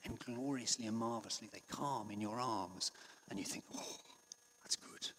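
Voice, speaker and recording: A man preaching a sermon in a conversational way, with frequent restarts and passages that drop to a hush. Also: fairly low pitch, normal speed, a little hiss or hum. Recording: long hall reverb.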